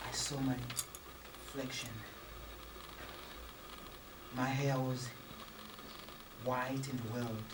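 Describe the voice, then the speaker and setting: A woman telling a dramatic story in spoken-word style, with rhythmic, repetitive phrasing and loud outbursts. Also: rumbling low, level tone, very slow, long pauses, noisy background. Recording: roomy, distant, faint ambience.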